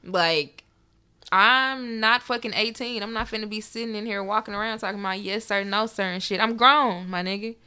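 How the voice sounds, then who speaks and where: A young woman co-hosting a podcast, telling stories in a profane, animated, casual way. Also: mid-range voice, normal speed, smooth. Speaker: podcast co-host. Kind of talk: casual chat.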